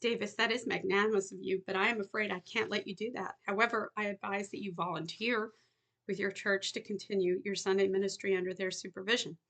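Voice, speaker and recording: A merciful judge hands down his ruling in formal, measured words, as a woman reads him in her own voice. Her tone stays near her usual pitch with a gravelly texture. An audiobook courtroom figure. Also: fairly even intonation, fairly bright tone.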